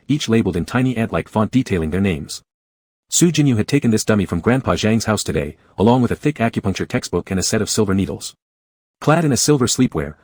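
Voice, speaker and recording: Male narrator for a romance audiobook, low husky voice, dry close sound, even reading. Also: dry recording. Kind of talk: scripted narration of a romance novel.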